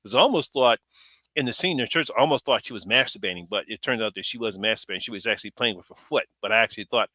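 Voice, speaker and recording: A man's voice: lowish voice, racing, sharp tone, no echo. A man hosting a casual live stream chat about a horror film, rambling and laughing often.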